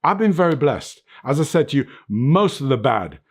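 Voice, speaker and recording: A man's voice: medium pitch, sing-song, normal speed. An older man giving an emphatic, earnest interview about life lessons, often tagging his points with "right?" and "you know what", in a home under filming lights. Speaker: interview guest, fitness motivator. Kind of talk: reflective motivational interview talk.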